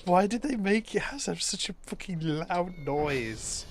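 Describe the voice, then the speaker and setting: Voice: medium pitch, animated, slow pace, background noise. Giggly streamer swearing through a game. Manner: giggly, swearing, repeating "wait" in bursts of laughter. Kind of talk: live game commentary.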